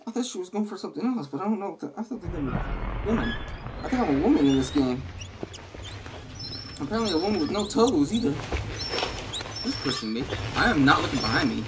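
Man, horror let's play commentary, headset mic, jumpy, talks to the monsters, very animated pitch, loud background noise. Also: fast talker, long pauses. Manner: jumpy, talks back to game monsters, yelps when startled. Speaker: gaming channel host. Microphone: gaming headset.

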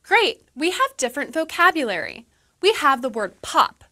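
A friendly English teacher, played by a woman in a scripted lesson video. She speaks slowly and clearly, with a high, bright voice. Her pitch swings a lot as she explains. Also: very animated, exaggerated voice. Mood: cheerful. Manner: slow, clear teaching delivery. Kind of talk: scripted educational dialogue.

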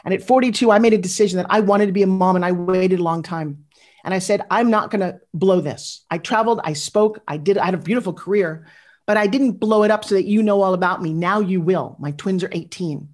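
A woman in her fifties giving a motivational speech, animated and confessional, talking straight to her audience and asking for their replies. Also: mid-range voice, fast. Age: 50s. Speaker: motivational speaker.

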